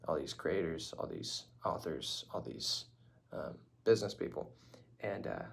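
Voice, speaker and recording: A young man talks casually to the camera from his room at home, wandering from one thought to the next and laughing often. His voice is low and gravelly, and his pitch swings around a lot. Now and then he drops into a whisper. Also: expressive, measured pace. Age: young adult. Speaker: vlogger.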